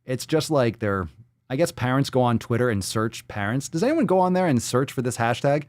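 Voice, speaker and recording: A man's voice: mid-range voice, lively intonation, fairly quick, no room sound, studio quality. A man hosting a live stream, ranting profanely and mocking what he reads aloud. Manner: hypes the audience with shouted calls. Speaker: show host.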